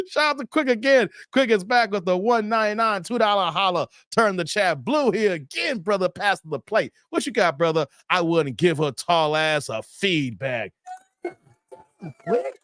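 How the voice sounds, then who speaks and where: A man's voice: high-pitched, expressive, moderate pace, fairly bright tone, no room sound. A man hosting a casual live stream, reading viewer comments aloud and laughing often.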